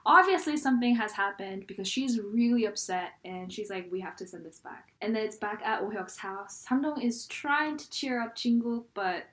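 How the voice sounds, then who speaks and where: A woman in casual chat, recapping a drama episode with lots of "like" and quick asides. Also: on the high side. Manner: chatty, animated, frequent "like". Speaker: podcast co-host recapping a drama.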